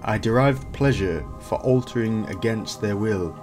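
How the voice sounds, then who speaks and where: A man reading the lines of a sad male cave creature who was once a wizard, in slow, halting speech. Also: lowish voice, music in the background, close to an everyday voice. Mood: mournful.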